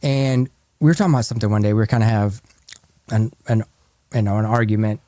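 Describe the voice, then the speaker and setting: Mellow-voiced chatty podcast host. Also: male voice, fairly low pitch, quick pace, no echo. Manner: animated storyteller, acts out quotes. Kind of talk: casual podcast chat.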